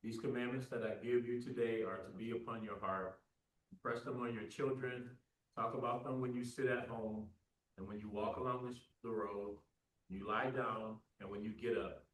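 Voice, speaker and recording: A pastor reading a scripture passage aloud in a steady, measured way. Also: male voice, medium pitch, a little hiss or hum. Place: church classroom. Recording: quiet, roomy, far from the mic.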